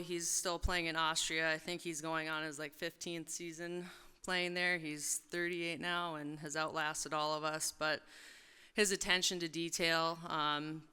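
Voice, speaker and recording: Standing at a podium microphone on stage in a large, echoey event hall, a hall of fame inductee in her thirties delivers a casual, joking acceptance speech full of fillers. Her voice is low-pitched, sharp, clear, and resonant.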